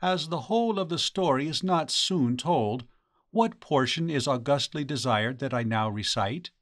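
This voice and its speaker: A man's voice: mid-range voice, animated, normal speed, a bit bright, dry recording, studio quality, lightly acted. A man voicing a frightened blind male biwa player in an audiobook ghost story, speaking timidly and respectfully. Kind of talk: audiobook character reading.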